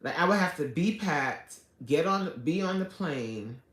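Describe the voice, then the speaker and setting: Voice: mid-range voice, animated, a little slow, a bit bright. An adult livestreamer chatting casually with viewers, greeting them by name and pleading for subscribers. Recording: echoey room.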